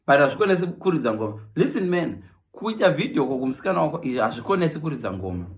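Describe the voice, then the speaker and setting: A man with a Zimbabwean accent delivers a comic monologue. His voice sits a little high and swings up and down a lot as he moves between Shona and English and acts out his characters. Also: very animated, racing. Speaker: comedian.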